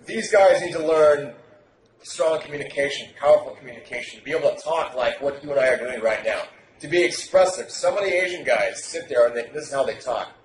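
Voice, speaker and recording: A man talking as a dating coach, loud and emphatic, projecting his voice hard and swearing freely. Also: fairly high pitch, fairly quick. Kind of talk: animated podcast talk. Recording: roomy echo, faint noise.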